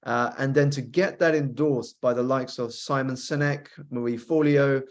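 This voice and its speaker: A man, a coach and author, telling his life story as an interview guest in a measured, reflective way, listing items and pausing on frequent uh's. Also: mid-range voice, fairly even intonation.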